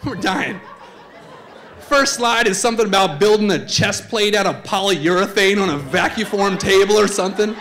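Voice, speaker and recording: A man telling a comic true story live on stage, chatty and animated, slipping into voices. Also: high voice, normal speed, a faint crowd. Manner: animated, conversational, swings into voices. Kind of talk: live comedic personal storytelling. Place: theater stage before a live audience.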